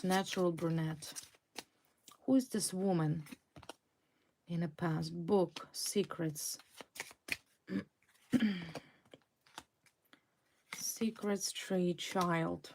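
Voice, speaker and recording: Woman tarot reader, slow, fairly low voice, intense, repeats words. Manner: intense, repetitive, dramatic emphasis. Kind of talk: tarot reading to viewers.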